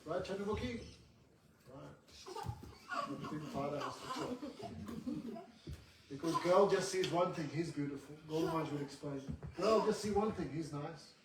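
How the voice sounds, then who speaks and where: Casting note: male class teacher, chatty storyteller, slightly high voice, distant echoey room. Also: expressive, moderate pace, long pauses, noisy background. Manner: chatty, joking asides to students. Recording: roomy hall from a distant mic.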